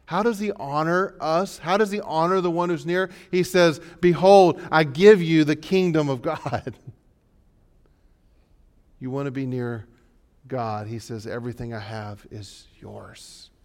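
A male pastor preaching a sermon, swinging from hushed, low passages to loud, rising exhortations. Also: a little slow.

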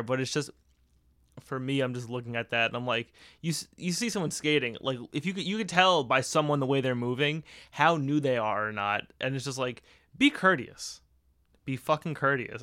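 A man's voice: mid-range voice, bright, forceful tone, no room sound. A man in a mid-range voice talking through a loose solo podcast monologue. He rambles, swears freely and laughs a lot along the way. The sound is dry and close, with no room around it. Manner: rambling, profane, laughs often. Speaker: podcast host.

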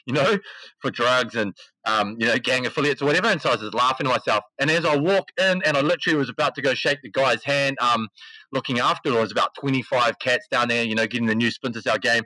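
A fast-talking man with a mid-range voice, the esports CEO appears as a podcast guest, animatedly relating a story in slangy, casual language and voicing the quotes himself. Expect a dry, rough recording.

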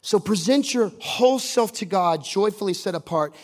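A man's voice: sits high, lively intonation, moderate pace. A man preaching a sermon to a congregation from a stage, passionate and emphatic, repeating phrases and at times half-singing his lines.

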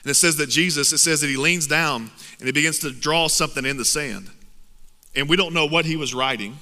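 Man, pastor, sermon, impassioned, bright forceful voice, long hall reverb. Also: fairly high pitch, brisk. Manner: impassioned, swinging between loud urging and hushed intensity. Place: church hall. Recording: long reverb of a large hall with music behind.

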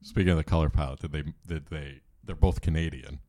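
A man co-hosting a casual podcast, eager and thinking out loud. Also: a bass voice, fairly even intonation, fairly quick, dry recording, clean studio sound. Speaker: podcast co-host.

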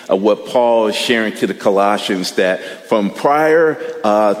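Man, Midwestern accent, pastor, sermon, conversational, fillers, fairly low voice, long hall reverb. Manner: relaxed, conversational, with frequent fillers and repeated words.

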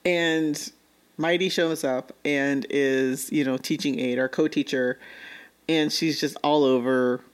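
A woman's voice: extremely low pitch, fairly even intonation, takes it slowly, smooth. Chatty woman recapping an anime. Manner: chatty, laughs often, acts out characters' lines. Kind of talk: casual chat reviewing an anime.

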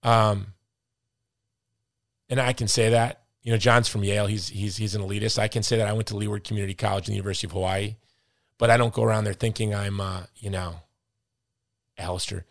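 A man's voice: fairly low pitch, flat delivery, a little fast, vocal fry, pauses often, no echo, clean studio sound. A middle-aged man hosting a podcast, ranting with emphatic, repeated words as he comments with passion. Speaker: podcast host.

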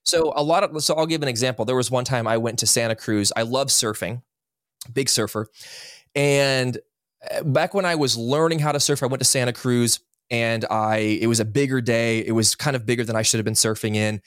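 Podcast guest in his thirties, earnest and lively, mid-pitched voice, dry studio sound. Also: brisk, clean tone, no echo. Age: 30s. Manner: earnest, animated, acts out quotes. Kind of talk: candid interview storytelling.

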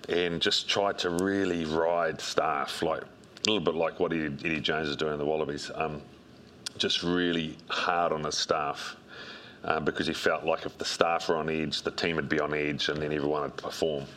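A middle-aged man, a coach telling relaxed anecdotes in an interview, with plenty of ums and restarts. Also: very deep voice, normal speed, slight background noise. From New Zealand. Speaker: strength and conditioning coach, guest. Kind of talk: interview storytelling.

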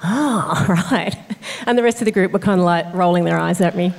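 A woman's voice: lowish voice, racing, creaky, a little mellow, clean tone, big-room sound. A woman associate pastor, talking earnestly and thoughtfully about her calling in an interview, with frequent fillers and restarts. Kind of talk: conversational interview.

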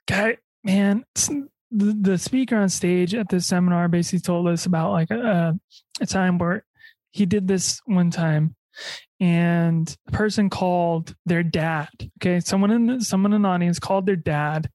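A woman's voice: on the low side, fairly even intonation, a little mellow, dry recording. Rambling young woman hosting a podcast. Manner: rambling, halting with many fillers and restarts. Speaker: podcast host. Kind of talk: casual podcast chat.

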